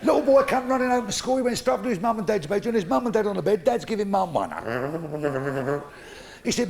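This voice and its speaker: An older man with a London Cockney accent telling crude jokes in a live stand-up set, gravelly and swearing freely. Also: high voice, very animated, a little fast, a little mellow. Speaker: stand-up comedian. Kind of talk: stand-up comedy.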